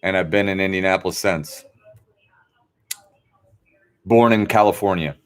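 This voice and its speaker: A man's voice: sits low, unhurried, clear, resonant tone. A man hosting a trivia livestream from home, chatting casually and rambling from topic to topic. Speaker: trivia host.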